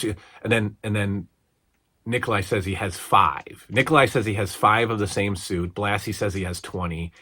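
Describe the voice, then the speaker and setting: A man's voice: fairly low pitch, moderate pace, bright, forceful tone. A man hosting a casual wrestling review show, rambling along with amused asides and many restarts.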